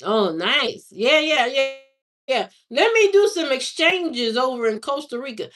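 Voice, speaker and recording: Her voice runs high, pushed and bright. She's a livestream host from Indiana, USA, answering live viewers in relaxed, slangy chatter that drawls, repeats itself and leans heavily on fillers.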